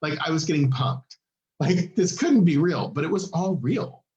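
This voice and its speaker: A fairly high-voiced man tells a story in a loose, chatty way, mimicking everyone he quotes with sudden leaps in pitch. The recording has a noticeable roomy echo around him. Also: normal speed, dull audio. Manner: animated, acts out quoted people with big pitch jumps. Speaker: podcast co-host. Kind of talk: casual storytelling chat. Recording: echoey room.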